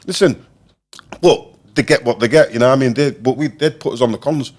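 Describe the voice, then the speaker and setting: A man's voice: mid-range voice, fairly quick. A man from Leeds with a Leeds accent, telling stories as a guest in a casual interview, swearing freely and acting out the people in them. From Leeds, England. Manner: swears freely, often laughs, acts out the people in his stories. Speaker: former boxer, guest.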